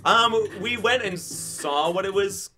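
A man's voice: sits high, takes it slowly, pushed and bright. A man co-hosting a casual game stream, making sassy, joking asides. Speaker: streamer co-host. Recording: music playing behind.

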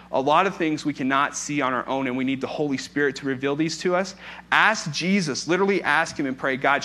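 A man's voice: on the high side, a bit bright. A young man preaching as a pastor, telling a personal story in a candid, conversational way. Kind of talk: informal sermon with personal story.

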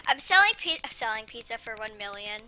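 A woman chatting casually and giggling while she plays a video game, prone to sudden excited outbursts. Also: on the high side, a little fast. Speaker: gamer.

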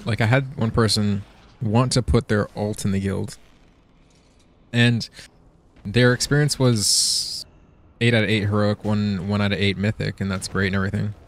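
A man with a lowish voice talks at normal speed while streaming a game. His casual chat with viewers is profane and excitable, peppered with frequent laughter.

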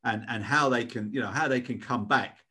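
A man's voice: medium pitch, fairly quick, sharp tone, breathy edge. A British man co-hosting a casual podcast chat, speaking earnestly and repeating words as he goes. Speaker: co-host.

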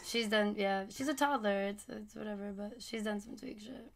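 A woman's voice: medium pitch, steady tone, moderate pace, creaky. A woman in her twenties, a mother talking casually on a podcast with friends, heavy on "like" and "bro". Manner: laid-back slangy talk, many "like" and "bro" fillers. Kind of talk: casual chat.

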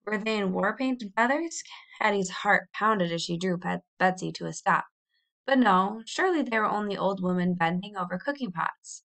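A woman reading a children's novel aloud in a measured, expressive storybook narration. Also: mid-range voice. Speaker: audiobook reader.

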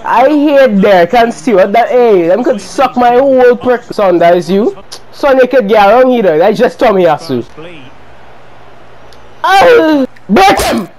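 A young man giving heated, profane commentary while playing a football video game, often shouting at his players. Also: very high voice, animated, normal speed, few pauses, rough recording. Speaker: gaming video creator.

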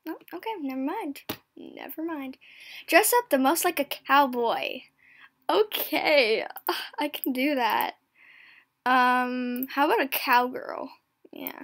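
A woman's voice: sits high, big pitch swings, slow, vocal fry, fairly bright tone. A girl with new braces chatting casually while she plays an online game, giggling and often dropping to a whisper. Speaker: gameplay commentator.

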